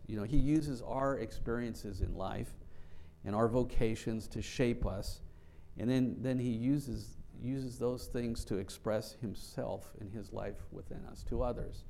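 Gravelly low-voiced man preaching. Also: warm tone. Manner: earnest, repeats words, slow deliberate scripture reading. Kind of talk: Bible study sermon.

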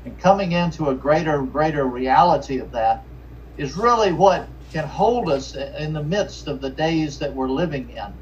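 Earnest pastor preaching, distant lo-fi. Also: male voice, a little high, lively intonation. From Richmond, Virginia. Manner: earnest, halting, with many restarts and fillers. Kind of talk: sermon. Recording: distant, dull lo-fi mic with faint noise.

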